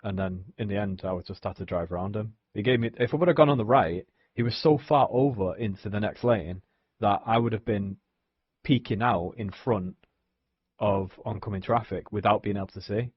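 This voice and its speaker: A man's voice: fairly low pitch, normal speed, breathy edge, no room sound, muffled recording. A young man, ranting casually on a live stream, swearing and saying "like" a lot. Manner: frustrated ranting, heavy swearing, many "like"s. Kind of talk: casual chat.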